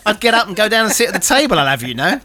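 A man's voice: high-pitched, sing-song, very fast, sharp tone. A man hosting a drive-time radio show, teasing his co-host in a dry, mock-exasperated way. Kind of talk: bantering radio chat. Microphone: studio microphone.

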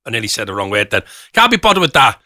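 A man's voice: on the low side, big pitch swings, rapid-fire, sharp tone, dry recording, studio quality. A man hosting a radio show, chatting casually and playfully with a co-host.

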